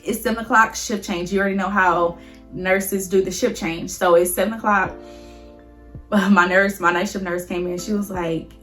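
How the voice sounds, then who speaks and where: Chatty young woman with soft music behind. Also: medium pitch, fairly even intonation, normal speed. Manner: chatty and emotional, addresses viewers as y'all. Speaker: vlogger. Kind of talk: casual storytelling to camera.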